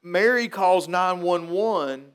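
Male pastor, high voice, folksy storyteller turned earnest preacher. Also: takes it slowly, fairly bright tone, clean tone. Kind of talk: funeral sermon with storytelling.

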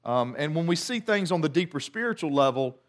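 Animated middle-aged preacher, slightly high voice. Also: male voice, brisk. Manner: animated storyteller, repeats words and jumps into acted quotes. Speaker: pastor. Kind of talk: sermon.

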